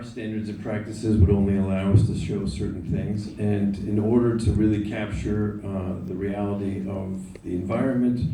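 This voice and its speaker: A man on a theater panel, explaining in a measured, steady way. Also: on the low side, a little hiss or hum. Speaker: actor and producer on a panel. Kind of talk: casual panel talk. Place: theater stage. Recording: echoey theater, distant mic.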